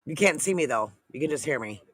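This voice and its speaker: A woman's voice: deep voice, animated, quick pace, husky, no room sound, studio quality. A woman hosting a casual livestream chat with viewers, frustrated and swearing, trailing off mid-thought as she talks to the chat. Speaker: livestream host.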